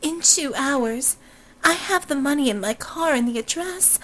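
Woman reader doing a cold, high-pitched society heiress with a prim, formal delivery. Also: expressive, a little slow, a bit bright, poor audio. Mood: distraught. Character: haughty young blonde heiress, cold and disdainful.

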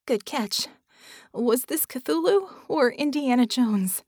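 A woman's voice: high voice, lively intonation, takes it slowly, a little mellow, no room sound, clean studio sound, voice pushed up, heavily acted. A woman reading an audiobook voices a stubborn young woman fighter, speaking in urgent, clipped, defiant bursts. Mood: wry.

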